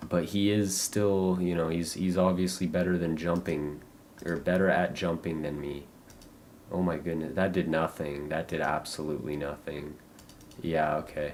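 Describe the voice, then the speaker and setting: A young American man streaming a game, talking in a loose, halting, rambling way full of fillers and restarts. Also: extremely low pitch, level tone, darkish tone, a little hiss or hum. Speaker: livestreamer. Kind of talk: casual rambling gameplay chat.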